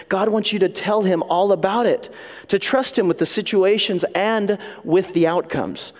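A middle-aged man preaching a sermon as a pastor, animated, acting out little voices and scenes. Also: sits high, big-room sound.

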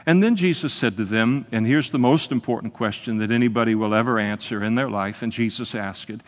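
A man preaching an evening sermon in an earnest, conversational way, often pausing with hesitations. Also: medium pitch, long reverb tail. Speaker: pastor. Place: church service, evening.

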